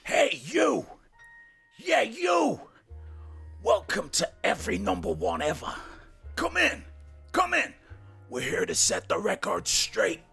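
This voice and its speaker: A gravelly tough-guy mobster. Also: sits high, wildly swooping pitch, faint music behind, heavily acted. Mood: menacing. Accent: put-on Australian. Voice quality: gravelly, raspy. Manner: slow, growling gangster delivery with shouted bursts. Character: swaggering male mobster doorman, menacing and crude.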